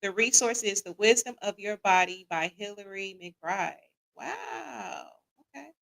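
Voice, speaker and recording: A woman's voice: medium pitch, moderate pace, fairly bright tone, low-quality recording. A woman hosting a live podcast in casual chat, reading listener comments aloud and quizzing them. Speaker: podcast host.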